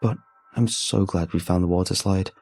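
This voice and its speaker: A weathered older fisherman speaks slowly, as if in shock, his voice deep and gravelly, as a man plays him. It sits low and husky, a horror tale read aloud. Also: steady tone, darkish tone, soft background music. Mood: dazed. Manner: slow, dazed. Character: weathered older male fisherman, shaken veteran of the sea.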